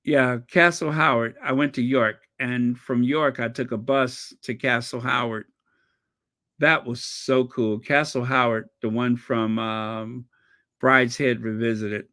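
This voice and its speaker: Slow, bright-voiced African American man. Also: mid-range voice. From United States. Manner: rambling, excitable travel storytelling, pausing to recall. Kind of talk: casual chat.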